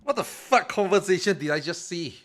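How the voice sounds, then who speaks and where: Bewildered streamer with a bright voice. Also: mid-range voice, animated, moderate pace. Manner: bewildered, rambling, swears freely. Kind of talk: live reaction commentary.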